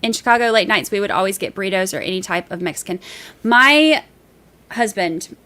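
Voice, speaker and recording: A woman's voice: medium pitch, lively intonation, fairly quick, pushed and bright. A woman hosting a casual livestream, reading viewer messages aloud and chatting in a rambling, easygoing way with easy laughs.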